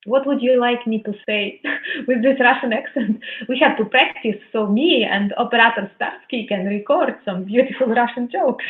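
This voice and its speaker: A woman's voice: a little high, normal speed. A woman from Ukraine with a Ukrainian accent, a guest on a live chat who speaks in a friendly, complimentary way over a video call. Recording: tinny remote call line.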